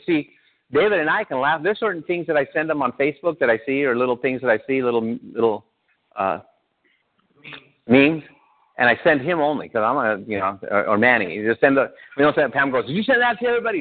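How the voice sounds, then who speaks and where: Through tinny, phone-like audio, a pastor with a mid-range voice preaches at a slightly quick pace. He talks to his congregation conversationally, tossing questions their way throughout the sermon.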